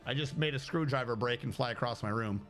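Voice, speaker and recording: A man's voice: mid-range voice, fast, over music. A man streaming a game live, talking through his play and venting at it with heavy swearing. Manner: profane, exasperated venting. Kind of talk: live-stream gameplay commentary.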